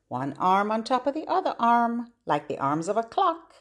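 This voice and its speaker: A woman who works as a children's librarian, hosting a podcast for babies and singing nursery rhymes and songs in a gentle, sing-songy way. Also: very animated. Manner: gentle, slow and sing-songy, with playful high and low hellos.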